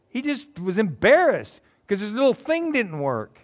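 Male preacher, casual sermon, jokey storytelling, slightly high voice, lively pitch. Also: moderate pace, hardly any pauses. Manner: joking, storytelling, conversational.

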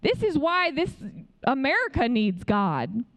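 High-pitched woman giving a chatty testimony, animated storyteller, lots of "like", acts out everyone's lines. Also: unhurried. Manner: animated storytelling, acting out the other people's lines; frequent "like" fillers. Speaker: speaker sharing a testimony. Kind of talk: conversational preaching.

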